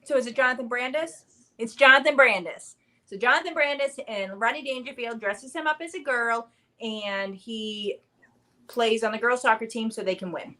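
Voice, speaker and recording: A woman in her thirties chats her way through a live movie night, rambling from one thought to the next. Her voice sits a little high, and fillers keep cropping up between her thoughts. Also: normal speed, pushed and bright. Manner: chatty, rambling, many fillers. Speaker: livestream host. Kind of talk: casual live chat.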